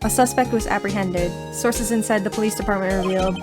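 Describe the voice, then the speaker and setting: A woman voicing a formal male television news anchor in a measured announcer delivery, with game music behind. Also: medium pitch, steady tone, close to an everyday voice.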